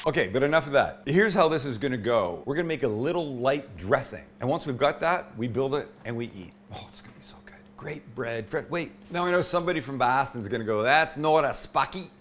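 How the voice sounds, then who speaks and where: A man's voice: medium pitch, animated, a little fast, hardly any pauses, slight background noise. A man hosting a cooking show from his indoor home kitchen, chatty and irreverent as he demonstrates a recipe.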